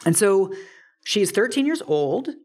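A woman's voice: mid-range voice, very animated, unhurried, darkish tone. A woman hosting a podcast, retelling a memoir in casual chat with lots of "like" fillers. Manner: chatty, retells a book with many "like" fillers. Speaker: podcast host. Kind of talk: casual conversational storytelling.

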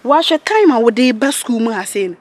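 A woman's voice: fairly high pitch, big pitch swings, normal speed, a crowd in the background, noisy background. A woman acting a cheeky young girl who teases in a singsong pidgin. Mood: teasing.

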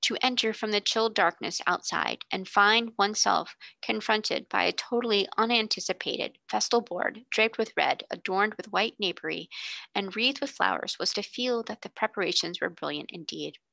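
Woman reading a storybook, gravelly bright voice. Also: mid-range voice, normal speed, no echo. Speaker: tutor reading aloud.

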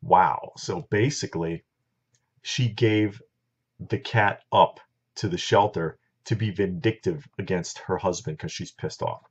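A man's voice: low voice, unhurried, breathy edge. A middle-aged man telling a story in a casual, blunt, opinionated monologue, talking straight to his viewers. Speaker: vlogger. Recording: dull lo-fi recording.

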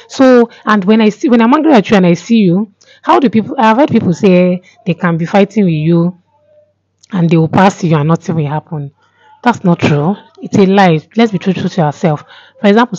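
A woman's voice: on the low side, a little mellow, no echo. Earnest young woman vlogging. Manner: earnest, repeats herself, many pauses with um. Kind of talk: casual talk to camera. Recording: dull lo-fi sound.

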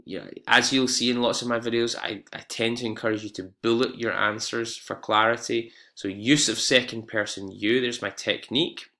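A man's voice: mid-range voice, fairly even intonation, normal speed, few pauses, sharp tone. A man teaching an exam-prep English lesson, explaining step by step with fillers and self-corrections.

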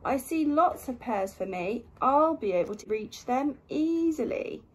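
A big, good-natured she-bear from a picture book, voiced with a bouncy, animated read-aloud lilt by a woman. The pace is slow and the tone a little breathy. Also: high voice, exaggerated voice. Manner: lively, emphatic read-aloud voice.

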